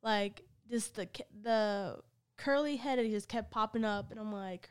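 A woman in her twenties co-hosting a podcast, chatting casually with lots of laughter and animated storytelling. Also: on the high side, moderate pace, clean tone. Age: 20s. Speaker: podcast co-host. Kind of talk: casual chat.

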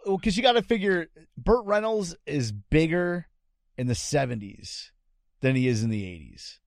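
A man's voice: fairly high pitch, big pitch swings, normal speed, gravelly, no room sound, clean studio sound. A man hosting a retro game show podcast, telling stories in a chatty, laughing way. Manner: chatty storytelling, laughs often. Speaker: podcast host. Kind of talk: casual podcast banter.

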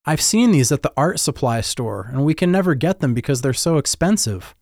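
An eager young teen boy, nervous and stammering, his voice lifted high above a grown man's, as a man puts him on. The recording is dry and close, with no room sound. He rushes through his awe in halting bits. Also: no room sound. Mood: awed, nervous. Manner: hesitant, stammering, excited. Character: shy eager junior-high boy artist. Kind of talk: audiobook-style storytelling.

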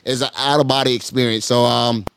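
Telling his friends a long, lively story into a podcast mic, a man keeps repeating himself with "hold up, hold up" and sends his pitch soaring whenever he voices the characters. He talks a little fast, his voice smooth yet creaky. The recording is close and dry, with no room sound at all.

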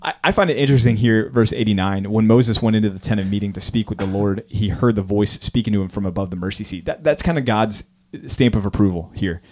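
A man who is a pastor, chatting casually on a podcast about a Bible passage in a relaxed, rambling way. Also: fairly low pitch, fast talker, slight background noise.

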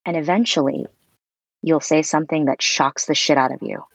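A woman speaking as a guest on a podcast about voice work, expressive and effusive, swearing casually as she talks. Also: low-pitched, normal speed, creaky, husky, dry recording. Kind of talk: conversational interview. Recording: dull lo-fi sound.

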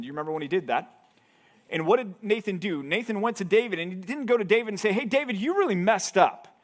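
A male pastor with a higher-than-usual voice leads a Bible study in a relaxed, conversational way. He keeps asking his listeners questions and acts out the lines he quotes. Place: church hall.

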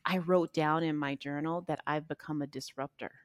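Low-voiced woman coach, dry sound. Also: steady tone, moderate pace, no room sound. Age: 40s. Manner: reflective, warm-spoken with frequent fillers. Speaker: podcast guest, life coach. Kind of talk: casual interview conversation.

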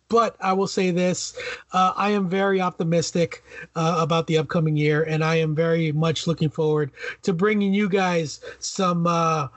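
Male co-host, high voice, dry close sound, halting delivery. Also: a bit bright, dry recording. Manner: hesitant, many "uh" fillers, laughs often. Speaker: podcast co-host. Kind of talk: casual chat.

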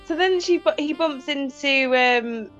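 A woman's voice: high voice, unhurried, a bit bright. A woman co-hosting a podcast, chatting and giggling while recapping a film. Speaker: podcast co-host. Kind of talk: casual chat recapping a film. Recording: slightly dull audio, faint music.

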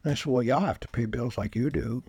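A man, a spiritual healer, speaking as a podcast guest and telling lively anecdotes, acting out the quoted voices. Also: mid-range voice, fast talker, husky, no echo. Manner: animated anecdotes, acts out quoted voices, chuckles often. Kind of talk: casual storytelling interview.

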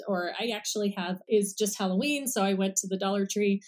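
A woman's voice: mid-range voice, fairly quick, a little mellow. Woman explaining speech therapy methods. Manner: friendly, explains step by step with examples. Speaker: speech-language pathologist guest. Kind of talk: casual explanatory podcast talk.

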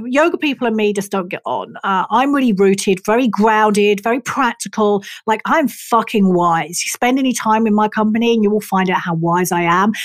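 A middle-aged Englishwoman talks about her own life as a therapist would, frank and expressive, swearing without a second thought. Her voice sits at an ordinary pitch for a woman. The recording is close and dry, with no room sound. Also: no room sound. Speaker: talk therapist and body worker. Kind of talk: personal storytelling.

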